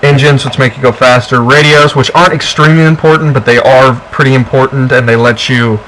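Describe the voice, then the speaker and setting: A man's voice: mid-range voice, steady tone, brisk, a bit bright, a little hiss or hum, low-quality recording. A young man co-hosting a casual game walkthrough, chatty and rambling with lots of fillers. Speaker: co-host of a gameplay video.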